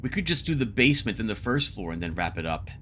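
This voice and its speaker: A man narrates a solo board game playthrough as casual let's-play commentary, thinking aloud, muttering asides and reading card text aloud. His fairly low voice swings widely in pitch and sounds pushed and bright, and he talks quickly. Background music plays under his voice, with slight background noise.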